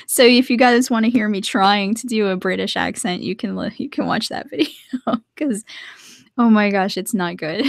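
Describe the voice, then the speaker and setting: A woman's voice: mid-range voice, measured pace, creaky, long pauses, no room sound, studio quality. A young adult woman chatting casually to viewers on a live stream from her art desk at home, laughing often.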